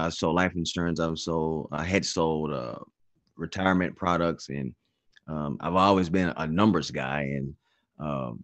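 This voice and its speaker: A man guesting on a podcast, telling his career story in a relaxed, rambling way. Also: deep voice, dry recording. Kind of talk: casual storytelling.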